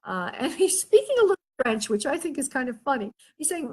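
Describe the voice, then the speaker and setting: A woman hosting a show as a spirit medium, giving a live reading in a gentle, soothing way and often checking that the caller understands. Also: sits high, very animated, fairly quick, few pauses, breathy edge. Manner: hesitant, with frequent filler sounds and restarts.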